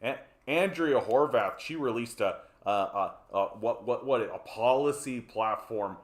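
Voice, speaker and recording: Man doing a bumbling hoser bit, stammering, mid pitch, roomy echo. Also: unhurried, lightly acted. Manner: stammering, folksy, trailing off. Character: dim-witted male Canadian hoser, slow-talking.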